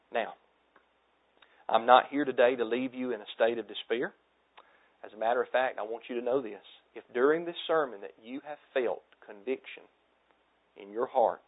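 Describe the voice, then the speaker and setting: A man in his thirties preaching a sermon to his congregation, earnest and exhorting, often dropping soft for emphasis. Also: medium pitch. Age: 30s. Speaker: pastor. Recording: tinny phone-like audio.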